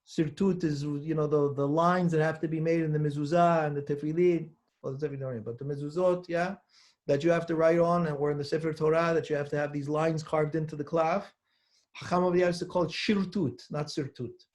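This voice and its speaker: A man with a fairly high voice leads a text class as a rabbi. He rattles through lists of names quickly, then slows down to stress a point and puts questions to his students. He sounds middle-aged, in a steady teaching manner. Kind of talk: lesson reading and explaining a text.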